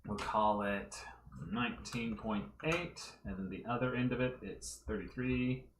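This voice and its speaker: A man's voice: mid-range voice, a little slow, echoey room, noisy background. A man casually livestreaming as he draws, talking through his work step by step and thinking aloud, at home. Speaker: livestreaming fan artist. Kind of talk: casual livestream commentary while drawing. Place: room at home.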